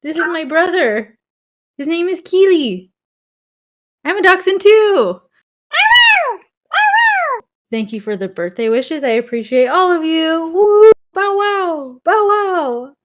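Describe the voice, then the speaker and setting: A woman in her thirties putting on a goofy talking dachshund that barks and laughs, high and lively. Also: measured pace. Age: 30s. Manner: goofy, yappy, barking and laughing. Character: playful female dachshund dog who talks.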